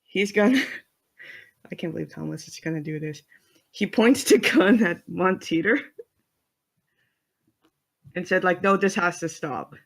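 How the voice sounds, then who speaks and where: Unhurried tabletop game player. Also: mid-range voice, creaky. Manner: unhurried, questioning, laughing easily. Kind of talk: casual tabletop game chat.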